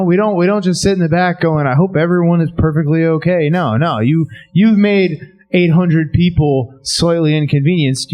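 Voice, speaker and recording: A male stand-up comic in a basement venue, with a slightly high voice and a loose, rambling delivery. He drifts through the bit with plenty of fillers and restarts. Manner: laid-back, rambling. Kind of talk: stand-up set.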